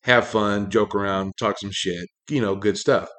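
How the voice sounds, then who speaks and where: A man hosting a talk show, ranting in a loose, profane monologue full of fillers, his pitch jumping up when he gets angry. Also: fairly even intonation, unhurried, a bit bright. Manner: rambling, heavy swearing, many fillers, pitch jumps when angry. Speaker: podcast host.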